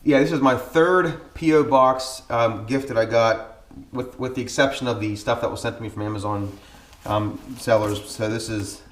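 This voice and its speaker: A man in his thirties talks straight to the camera in a casual, earnest vlog. His voice sits at an ordinary middle pitch, and he fills his talk with ums. The room around him rings with echo. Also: moderate pace. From Pennsylvania, USA. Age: 30s. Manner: earnest and chatty, many ums. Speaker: car vlogger.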